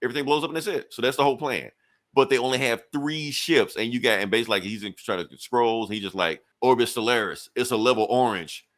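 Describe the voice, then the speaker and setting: A man casually reviewing a comic book, animated and acting out scenes with quick voices. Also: mid-range voice.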